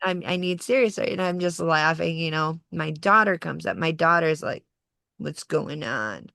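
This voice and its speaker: Woman in her forties, podcast guest, low gravelly voice, lively storyteller who acts out quotes, dry close sound. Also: unhurried, no room sound. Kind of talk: personal storytelling in casual conversation.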